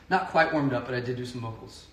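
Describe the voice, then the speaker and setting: A man's voice: mid-range voice, a bit bright, roomy sound, slight background noise. A man hosting a casual home cooking stream, talking loosely and correcting himself as he goes. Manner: loose, rambling, self-correcting. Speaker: home cooking show host and singer. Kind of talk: casual chat while cooking.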